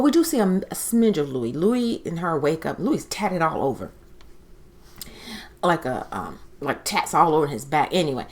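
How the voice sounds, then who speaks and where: A woman recapping a TV show in a casual, chatty way, giving her opinions and acting out quotes. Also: fairly low pitch. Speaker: TV recap host.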